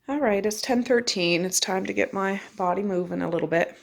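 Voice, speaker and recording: A woman's voice: medium pitch, fairly quick, creaky. A middle-aged woman vlogging her day at home on a handheld phone, talking in a chatty, homely way straight to her viewers. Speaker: vlogger and mother. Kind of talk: casual day-in-the-life vlog narration. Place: home and car, in Nova Scotia. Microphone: handheld phone camera.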